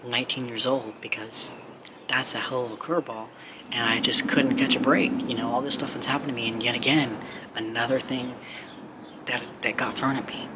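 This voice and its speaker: Man, motivational speaker, casual to-camera talk, earnest, rambling, mid pitch, clear hiss behind. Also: normal speed. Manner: earnest, rambling, heavy use of 'like'. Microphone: camera mic. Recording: clear steady background noise.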